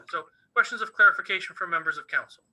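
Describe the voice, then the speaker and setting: A man chairing a council meeting over a video call, informal and relaxed. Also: high voice.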